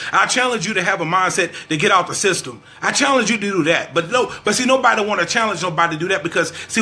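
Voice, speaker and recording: A man records a heated sermon-style vlog, his bright, forceful voice sitting a little high. He quotes scripture, repeats lines for weight and keeps returning to how frustrated he is, pleading more than lecturing. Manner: fervent, preacherly, scripture-quoting exhortation; frustrated, repeats phrases for emphasis. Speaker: vlogger. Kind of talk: preachy social commentary vlog.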